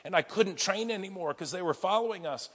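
A man with a slightly high, husky voice preaches a sermon. He tells stories with vivid energy, dropping to a hush and then rising loud again. His voice rings with the long reverb of a large hall. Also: brisk. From United States. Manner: vivid storytelling, swinging from hushed to loud. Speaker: pastor.

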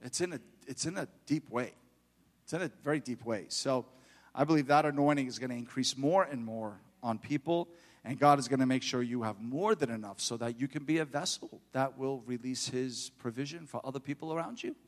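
A man's voice: mid-range voice, a little fast. Fervent preacher man in a reverberant hall. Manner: fervent, builds to loud exhortation. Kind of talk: sermon.

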